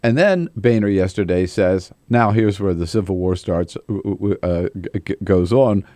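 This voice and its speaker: A man with a low voice hosts a political talk radio show, commenting on the news in an animated way. His voice is recorded close and dry in a studio. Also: normal speed, no room sound.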